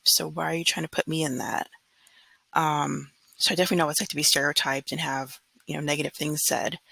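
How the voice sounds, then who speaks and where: A woman's voice: low-pitched, creaky, pushed and bright, husky, dry recording, rough recording. A woman in her thirties from California, talking earnestly and frankly in a casual vlog monologue, often mimicking others in mocking quotes. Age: 30s. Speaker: vlogger.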